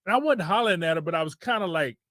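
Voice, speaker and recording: Casual male storyteller, slightly higher voice, dry close sound, loose rambling delivery. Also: animated, very fast, fairly bright tone, no echo. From Detroit. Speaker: podcast host.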